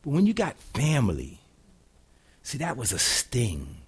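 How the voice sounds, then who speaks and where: A middle-aged man preaching a sermon in a casual, folksy way, moving between loud preaching and quiet, hushed storytelling. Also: medium pitch, huge pitch swings, a little slow, breathy edge. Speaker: pastor.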